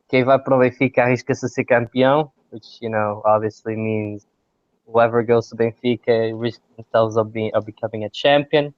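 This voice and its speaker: A man's voice: medium pitch, a little mellow, no echo. Casual male podcast host, slightly dull sound. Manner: rambling, repeats words when starting a sentence.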